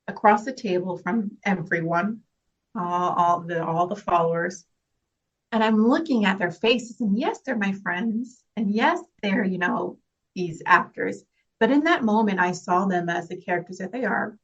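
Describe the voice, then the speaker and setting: A woman's voice: medium pitch, highs cut off. A woman actress talking earnestly and emotionally about her work, laughing through tears at times. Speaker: actress guest. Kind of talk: emotional interview talk.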